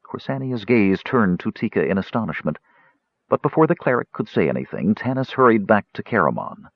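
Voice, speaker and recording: A man reading a fantasy audiobook with an expressive, varied delivery. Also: lowish voice, fairly quick, no echo. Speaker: audiobook narrator. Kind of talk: scripted fantasy narration. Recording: slightly dull audiobook recording.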